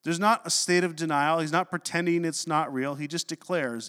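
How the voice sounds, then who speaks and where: Male pastor, sermon, animated storytelling, higher voice, reverberant hall. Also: moderate pace, few pauses. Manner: animated storytelling, drops low for quoted scripture.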